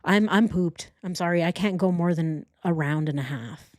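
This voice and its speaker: Lady putting on a dopey bro guy, kinda deeper, tired and smug, drawly, no room sound. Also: moderate pace, a little mellow, no echo, clean studio sound, lightly acted. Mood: pooped, smug. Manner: mocking, drawling bro talk.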